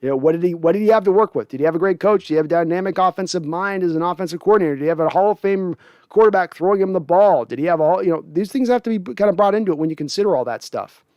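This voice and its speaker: A man's voice: high voice, very fast, mellow, no room sound, muffled recording. A man hosting a casual sports livestream, reading viewer comments aloud and answering them conversationally. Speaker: sports podcast host.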